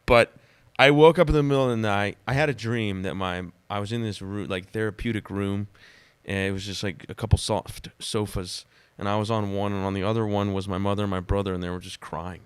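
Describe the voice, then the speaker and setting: A man who is a podcast guest, telling personal stories in a dramatic, animated way during casual conversation. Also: fairly low pitch, a little fast, clean tone, no echo.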